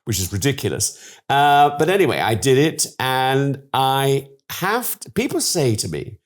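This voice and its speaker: A man's voice: mid-range voice, very animated, unhurried. Older guy spilling showbiz stories, big swooping voice, very theatrical. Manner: theatrical, gushing storyteller who laughs a lot. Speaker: guest. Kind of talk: anecdotal interview chat.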